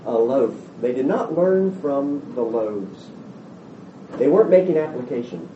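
A male pastor teaching a Bible sermon in a lively way, acting out the disciples' voices as he goes. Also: medium pitch, unhurried, slight background noise. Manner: animated, acts out the disciples' voices. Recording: roomy, distant, dull sound.

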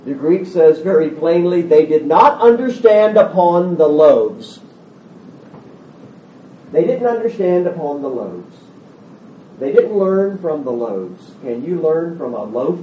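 A male pastor teaching a Bible sermon in a lively way, acting out the disciples' voices as he goes. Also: on the high side, slow pace, slight background noise. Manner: animated, acts out the disciples' voices. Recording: roomy, distant, dull sound.

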